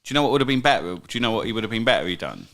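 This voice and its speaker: A man's voice: on the low side, sing-song, racing, fairly bright tone. A man co-hosting a podcast in casual chat, teasing his friend and saying "mate" a lot. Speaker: podcast co-host.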